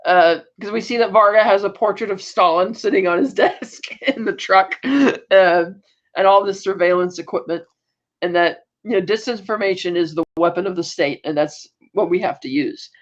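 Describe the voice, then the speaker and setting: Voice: medium pitch, normal speed, highs cut off. A podcast co-host in a casual, rambling recap of a TV episode, acting out the characters' lines in quoted voices. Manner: rambling with frequent fillers and self-corrections.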